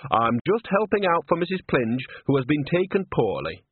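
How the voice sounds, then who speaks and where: Cheeky old tea lady, high and chirpy, man doing the voice, tinny sound. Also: sing-song, moderate pace, husky, no room sound. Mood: cheerful. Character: cheeky older woman tea lady, chatty. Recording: tinny phone-like band.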